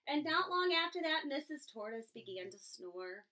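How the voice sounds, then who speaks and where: A woman reading a children's picture book aloud, giving each animal its own expressive voice. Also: high-pitched, normal speed. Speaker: storybook reader. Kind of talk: children's story read-aloud.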